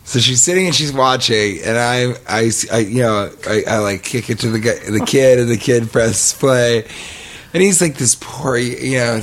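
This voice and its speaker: A man's voice: fairly low pitch, slight background noise. A middle-aged man telling a rambling, comic story on a podcast, acting out the quotes as he goes. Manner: rambling, animated, acts out quotes. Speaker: podcast host. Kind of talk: casual comedic storytelling.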